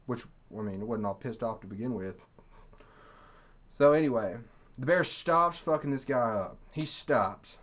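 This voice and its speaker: Young guy, higher-pitched, profane sarcastic rant to his own camera, yells for effect. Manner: crude, profane, sarcastic storytelling; loud outbursts of mock screams. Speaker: vlogger. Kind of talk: ranting commentary to camera. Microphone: camera mic.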